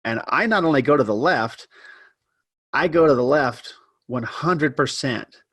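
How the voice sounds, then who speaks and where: A man telling a personal story as a podcast guest, animated and self-deprecating, shifting his pace for effect. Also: medium pitch, measured pace, no room sound, clean studio sound. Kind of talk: casual storytelling interview.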